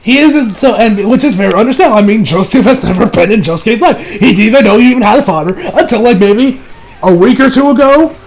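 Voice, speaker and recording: Brief: high-voiced young male reviewer, rambling recap, bursts into loud acted-out lines. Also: fast talker. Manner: rambling, excitable, acts out quotes with sudden shouts. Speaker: anime reviewer. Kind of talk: casual episode recap and review.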